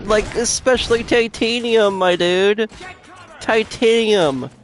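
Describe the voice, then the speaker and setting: A man playing a video game and commenting, swearing at enemies, talking to his chat and bursting into loud shouts. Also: high-pitched, a little hiss or hum. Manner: profane, trash-talks enemies, addresses chat. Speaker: gamer commenting on his own play. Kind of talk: let's-play commentary.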